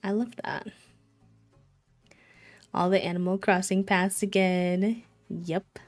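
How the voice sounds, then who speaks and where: A woman's voice: mid-range voice, fairly even intonation, takes it slowly, faint music behind. Cozy, chatty woman streamer. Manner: chatty, cozy, greets viewers by name. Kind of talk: casual live-stream chat.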